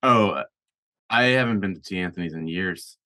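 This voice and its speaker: A man's voice: deep voice, normal speed, sharp tone, no echo, studio quality. A man chatting casually with friends, rambling with lots of fillers and restarts. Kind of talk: casual chat.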